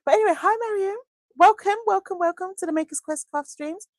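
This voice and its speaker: A woman's voice: very high-pitched, fairly quick, no echo, clean studio sound. A woman hosting a live craft stream, chatting casually and gushing affectionately as she reads viewer comments aloud into a desk microphone. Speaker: craft livestream host.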